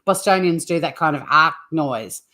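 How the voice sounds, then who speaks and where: A woman's voice: low-pitched, normal speed, bright, forceful tone. A woman hosting a livestream, rambling in casual chat with viewers and swearing freely. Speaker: livestream host.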